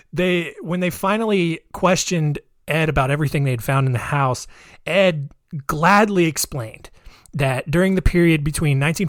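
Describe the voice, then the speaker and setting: A male podcast host tells a true-crime story in a casual, chatty way, with a wry edge and plenty of fillers. His voice sits a little high for a man. The recording is dry and close-miked, with no room sound. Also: no echo. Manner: chatty, wry, laughs at grim details.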